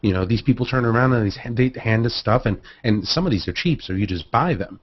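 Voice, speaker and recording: A man on a photography panel, talking in an animated, rambling way with many restarts, over a video call. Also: fairly low pitch, brisk, husky, lo-fi sound. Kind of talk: casual panel discussion.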